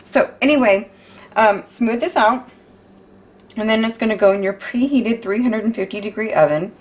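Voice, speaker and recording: A woman's voice: fairly high pitch, moderate pace. A woman chatting casually while baking in a home kitchen, exclamatory and free with swear words. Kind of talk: casual cooking chat.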